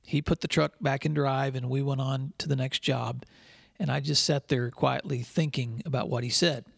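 A man hosting a podcast for school leaders, telling a story in an earnest, measured way. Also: medium pitch, steady tone, gravelly, breathy edge, no room sound, studio quality. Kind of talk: scripted podcast monologue with storytelling.

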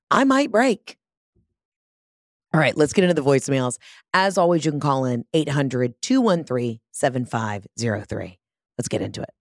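Lady podcast host, rants loud and foul-mouthed, voice swoops all over, dry close mic. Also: sits low, no room sound. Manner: brash, profane, rambling and self-deprecating. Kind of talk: casual comedic monologue. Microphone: studio mic with large headphones.

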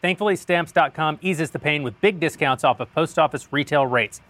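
A man hosting a political podcast reads a sponsor ad in casual banter, cracking wry jokes and chuckling often. His fairly high, fairly bright voice moves a little fast, captured in a dry recording.

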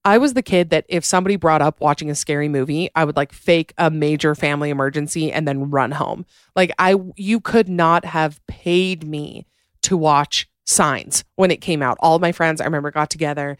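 A woman hosting a podcast, chatting casually and reading listener stories in an animated, giggly way. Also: deep voice, moderate pace, no echo, clean studio sound. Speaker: podcast host. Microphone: podcast microphone.

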